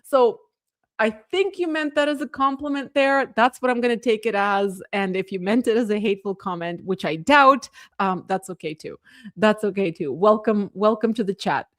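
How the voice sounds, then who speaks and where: A woman's voice: mid-range voice, moderate pace, fairly bright tone. A woman from the Soviet Union hosting a livestream, chatting casually and reading viewer comments aloud, full of fillers and the word "like.". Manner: chatty, filler-heavy, many "like"s; earnest, rallying. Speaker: livestream host.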